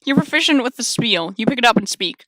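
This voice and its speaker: A woman's voice: a little high, lively intonation, fast, fairly bright tone, dry recording. A woman streamer reading a dating visual novel aloud, chatty and wry with sarcastic asides.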